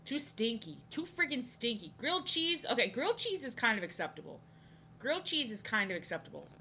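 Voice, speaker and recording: A woman's voice: fairly high pitch, sing-song, fairly quick, sharp tone, a little hiss or hum. A young woman streaming her drawing, chatting casually in a rambling, playful way, greeting viewers and often stumbling and restarting her words. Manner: frequent stammered restarts. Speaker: art streamer. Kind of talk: casual live-stream chat while drawing.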